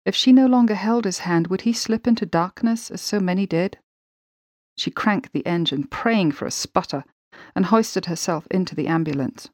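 A woman narrating a war story in a steady, measured way. Her voice sits fairly low, and the recording is close and dry with no room sound. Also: no echo. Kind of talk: audiobook narration.

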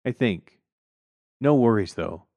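A man's voice: fairly low pitch, animated, slow pace, gravelly, warm tone, dry recording, heavily acted. A man voicing an easygoing, unbothered stoner neighbor in a storybook reading. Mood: laid-back.

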